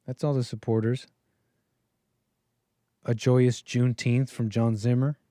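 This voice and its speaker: A man's voice: medium pitch, little pitch movement, unhurried, mellow, no echo. Guy hosting a call-in stream, rambly and laughy, dry close sound. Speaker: call-in show host. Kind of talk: casual livestream chat.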